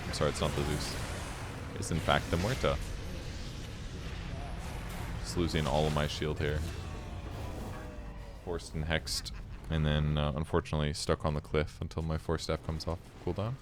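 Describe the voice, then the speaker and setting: Very deep-voiced relaxed male commentator. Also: normal speed, pauses often, music in the background. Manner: relaxed, self-critical, explains his choices. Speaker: video game commentator. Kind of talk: casual replay commentary.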